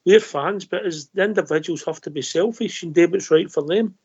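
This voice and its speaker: Teasing man, slightly high voice. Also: fairly quick, darkish tone, breathy edge. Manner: teasing, chatty. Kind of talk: casual football chat. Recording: dull lo-fi broadcast audio.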